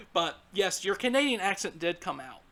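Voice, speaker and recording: A man's voice: sits high, big pitch swings, a little slow, bright, forceful tone. A man in his twenties with a Southern US accent, hosting a casual podcast chat. He swears freely and laughs often. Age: 20s. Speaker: podcast host.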